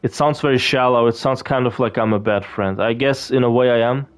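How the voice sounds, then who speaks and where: A man's voice: mid-range voice, steady tone, fairly quick, clear, resonant tone. A man chatting casually while he plays a video game, rambling and swearing with lots of fillers and restarts. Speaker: gaming video creator. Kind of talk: casual gameplay commentary.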